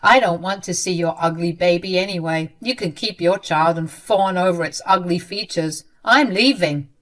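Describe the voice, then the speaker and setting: A woman's voice: lowish voice, moderate pace, fairly bright tone, close to an everyday voice. A woman voicing a cruel, bitter sister-in-law who talks in a sneering, cutting way. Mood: spiteful.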